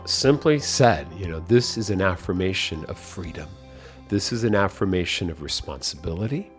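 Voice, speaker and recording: A man hosting a podcast, giving an upbeat motivational coaching talk and repeating his key phrases. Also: fairly low pitch. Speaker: podcast host.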